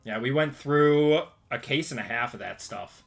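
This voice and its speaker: Bright upbeat male livestream host. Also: mid-range voice, moderate pace, vocal fry, faint music behind. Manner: upbeat, greets viewers by name. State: out of breath. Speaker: card break livestream host. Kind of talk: casual livestream chat. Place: home.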